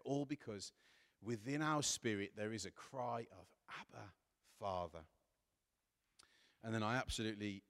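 Earnest preacher man in a reverberant hall. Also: medium pitch. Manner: earnest, rising to impassioned emphasis while reading scripture. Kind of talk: sermon.

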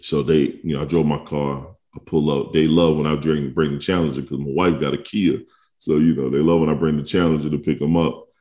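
A man in his thirties co-hosting a podcast in relaxed casual chat, laughing often and telling stories about his kids. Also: a bass voice, brisk. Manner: laid-back, laughs often, tells stories with kid voices. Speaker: podcast co-host.

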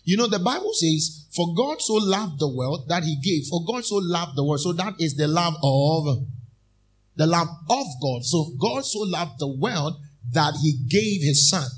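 A man preaching a sermon in church as minister, reading scripture slowly and deliberately. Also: a little high, lively intonation, husky.

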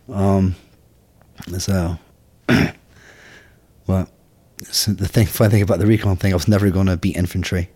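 A middle-aged man from Scotland with a Scottish accent, telling stories from his life in a casual interview, halting and full of restarts. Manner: halting, many restarts, low and quiet asides. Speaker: podcast guest.

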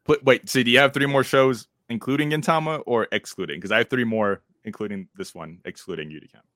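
A man's voice: medium pitch, quick pace, a bit bright, dry recording, clean studio sound. A man co-hosting a casual podcast, laughing often and swearing freely. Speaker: podcast co-host.

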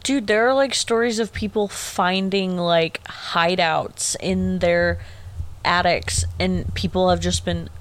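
A woman co-hosting a casual podcast, reacting to the story with playful jokes and quick asides. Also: on the low side, steady tone, rough recording. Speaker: podcast co-host, listener.

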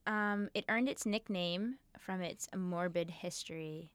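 A woman co-hosting a podcast, casually telling a dark history story, swearing and laughing along the way. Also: fairly low pitch, unhurried, a crowd in the background.

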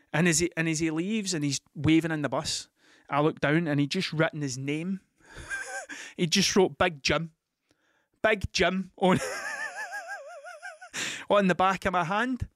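A man's voice: a little high, a bit bright, no echo, studio quality. A Scottish man telling a rambling, sweary story in casual monologue, laughing often as he goes. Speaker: podcast host.

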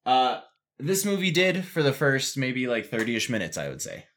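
A man's voice: mid-range voice, very animated, moderate pace, fairly bright tone. A man co-hosting a podcast, talking in a loose, rambling way full of fillers. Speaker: podcast co-host. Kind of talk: casual podcast chat.

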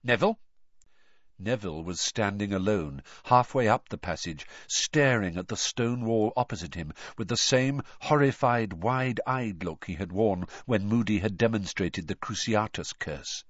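Male audiobook narrator, lower voice, husky, animated delivery. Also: no room sound. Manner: measured, lively storytelling. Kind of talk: scripted narration. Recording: dull dry recording.

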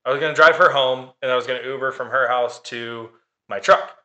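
Man, bright and forward tone, sarcastic and profane, casual storyteller. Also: medium pitch, steady tone, a little fast. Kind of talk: casual chat, telling a dating story.

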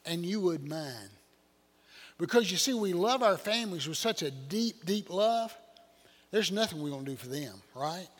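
A man's voice: high voice, animated, moderate pace. An older man, preaching a folksy sermon full of rhetorical questions to his congregation. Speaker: pastor. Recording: church hall reverb.

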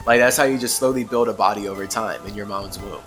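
A man's voice: lowish voice, fairly even intonation, quick pace, fairly bright tone, soft background music. A man hosting a podcast, talking in a rambling, emphatic way and laughing often as he muses on spirituality. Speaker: podcast host. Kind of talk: casual spiritual monologue.

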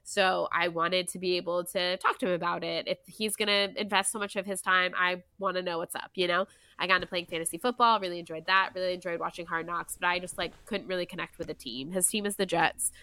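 Bright-voiced chatty young woman, lilt. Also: lowish voice, quick pace, no room sound. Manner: chatty and animated, many "like" and "you know" fillers. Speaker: podcast co-host. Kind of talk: casual chat.

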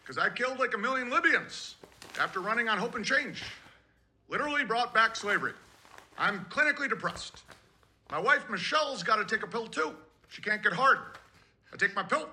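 A man doing a crude parody impression of an older former president, in a calm, measured delivery with odd pauses. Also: sits high, exaggerated voice. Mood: mocking. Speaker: caller.

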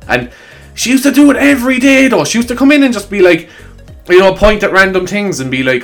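A man's voice: medium pitch, sing-song, brisk, fairly bright tone. A man with an Irish accent talking in a casual, rambling monologue to his viewers, swearing freely and laughing between points. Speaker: vlogger. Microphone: desk microphone. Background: faint upbeat music.

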